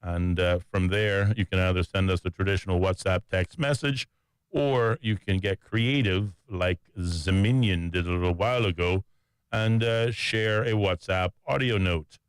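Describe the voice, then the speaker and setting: A man's voice: low-pitched, moderate pace, clean tone, no room sound. A man hosting a radio talk show in a studio, chatty and joking at his own expense. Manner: chatty, joking and self-mocking.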